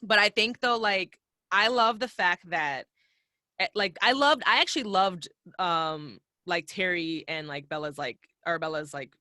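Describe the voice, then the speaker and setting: A woman's voice: on the low side, unhurried, bright, forceful tone, no room sound, studio quality. A woman hosting a casual podcast, rambling in slangy chat full of fillers. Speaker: podcast host.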